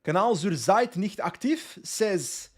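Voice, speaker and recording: This streamer talks slowly in a high-pitched, expressive voice, with the Flemish accent of his native West Flanders. A young West Flemish Dutch speaker, he chats casually over a cycling game and reads out viewer messages to respond to them.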